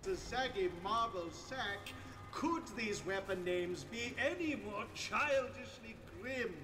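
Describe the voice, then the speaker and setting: An actor playing a grandiose, childishly gleeful ancient male god-emperor in an animated web series, with a theatrical, drawn-out delivery. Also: high voice, exaggerated voice. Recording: clip audio with music bed.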